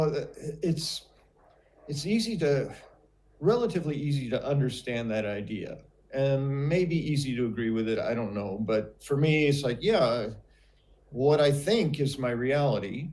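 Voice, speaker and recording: An older American man hosts a relaxed conversation, telling stories and thinking aloud with pauses and fillers. His voice sits at an ordinary middle pitch. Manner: reflective storyteller, hesitant with fillers. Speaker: host. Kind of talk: casual conversation.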